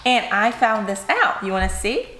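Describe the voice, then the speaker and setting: A woman's voice: medium pitch, sing-song, normal speed. A woman cooking vlogger chatting casually to camera, showing things and addressing her viewers directly. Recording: echoey room, faint noise.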